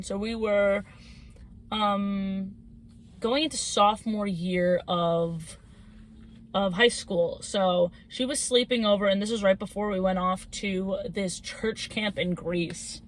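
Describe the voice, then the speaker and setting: A young woman co-hosting a podcast, telling a spooky story in casual chat, animated and giggly as she acts out the quotes. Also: mid-range voice. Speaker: podcast co-host.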